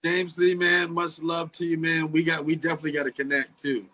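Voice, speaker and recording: A man hosting a casual interview, upbeat and friendly toward his guest. His voice is bright and forceful and sits a bit high, recorded dry and close. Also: level tone, fairly quick, no room sound, poor audio. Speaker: show host.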